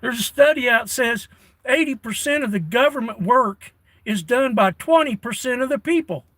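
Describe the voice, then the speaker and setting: A man's voice: extremely high pitch, expressive, normal speed, a bit bright, no room sound, low-quality recording. An older man chatting casually on a livestream, folksy and given to rants, reading his chat off a tablet. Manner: folksy, ranting. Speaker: live streamer.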